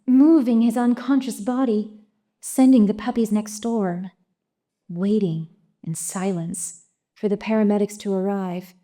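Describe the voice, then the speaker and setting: A woman's voice: medium pitch, warm tone. A woman expressively narrating a story aloud at a live reading. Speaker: story reader.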